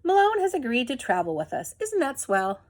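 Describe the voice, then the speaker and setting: A woman's voice: sits high, wildly swooping pitch, brisk, heavily acted. A woman reading aloud and voicing an enormous bearded man who speaks kindly and coaxingly to his dog. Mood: gentle, coaxing. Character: enormous bearded gentle male drifter.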